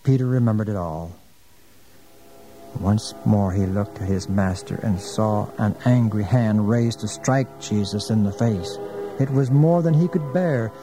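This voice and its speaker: A man narrating a religious story in a solemn, measured manner. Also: mid-range voice. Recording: narration over music.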